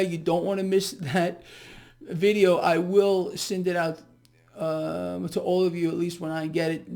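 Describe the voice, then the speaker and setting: A man's voice: sits high, creaky, a little mellow. A man giving a sarcastic, emphatic solo commentary on the markets as the host of his own video channel. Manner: sarcastic, mocking, blunt and emphatic.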